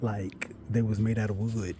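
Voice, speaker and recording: A man telling a long, rambling personal story in a chatty way, with asides and self-corrections, sometimes dropping to a hush. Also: on the low side, flat delivery, a little slow, noisy background.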